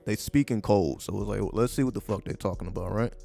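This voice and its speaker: A man's voice: on the low side, quick pace, gravelly, mellow. A man giving casual livestream commentary, profane and sarcastic, firing off repeated rhetorical questions. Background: faint background music.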